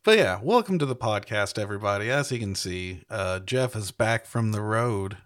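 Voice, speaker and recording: A man's voice: lowish voice, lively intonation, normal speed, a bit bright. A man co-hosting a podcast, chatting casually, often laughing and playing around with silly voices. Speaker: podcast co-host.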